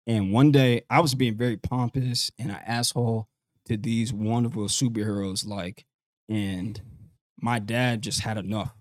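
A man's voice: lowish voice, steady tone, measured pace, no echo, clean studio sound. A man as a podcast guest, telling a personal story in an earnest way, often restarting and acting out what his father said. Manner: earnest, repeats words and restarts, acts out his father's speech.

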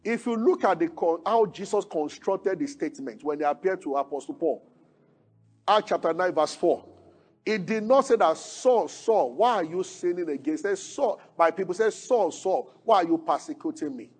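High-voiced pastor preaching. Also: male voice, lively intonation, moderate pace. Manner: rises to emphatic peaks, then drops low and quiet; preaches with rhetorical questions to the congregation. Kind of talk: sermon.

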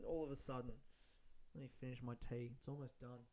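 A man's voice: mid-range voice, steady tone, a little fast, a little mellow. A man hosting a solo podcast on his own mic, rambling casually with lots of swearing and self-mockery. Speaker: podcast host. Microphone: studio-style podcast mic.

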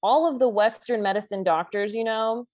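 A woman in a casual podcast discussion, talking in an animated way with many fillers and laughing asides. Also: a little high, moderate pace.

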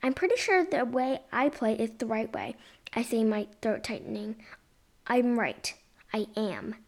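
Young woman reading a children's book, high voice, expressive delivery. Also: moderate pace, gravelly. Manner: expressive, with occasional whispered asides. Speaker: reader.

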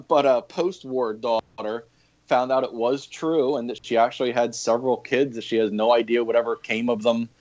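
A mid-range, darkish male voice holds a steady tone at a moderate pace. In a casual podcast interview he recounts rambling tales from his days as an EMT and historic fort coordinator, with many fillers and laughs, over dull lo-fi remote audio.

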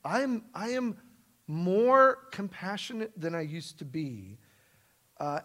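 A middle-aged man preaching a sermon in a church, emphatic and self-deprecating, swinging from loud stresses to soft asides. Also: on the high side. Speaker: pastor. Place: church sanctuary.

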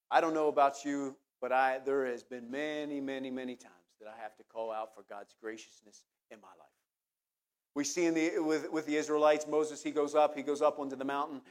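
A middle-aged man preaching a sermon, earnest, often repeating words as he searches for what to say next. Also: medium pitch. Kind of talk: sermon with personal anecdote.

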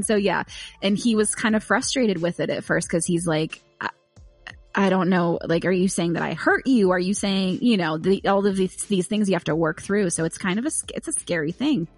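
Woman co-host, laughs easily, animated storyteller, dry close sound. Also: mid-range voice, fairly quick, dry recording, faint music behind. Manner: warm, laughs often, animated retelling. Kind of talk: casual chat.

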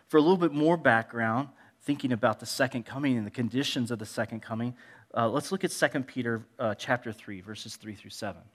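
A middle-aged male pastor preaching a sermon in a conversational, animated way, with frequent restarts. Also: medium pitch.

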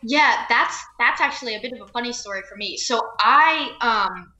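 A young actress from New Jersey talks freely as a guest, with a bright, slightly high voice. She laughs easily and strings her thoughts together with "like" and "um". The room around her rings with echo. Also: animated, normal speed, muffled recording. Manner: chatty, laughing, many fillers like "like" and "um". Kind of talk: casual interview chat.

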